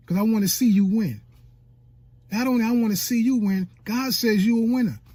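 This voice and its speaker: A man's voice: high voice, dark tone, husky, no echo. A man coaching new YouTubers in an emphatic, preacher-like motivational talk, repeating his points and acting out people's inner doubts.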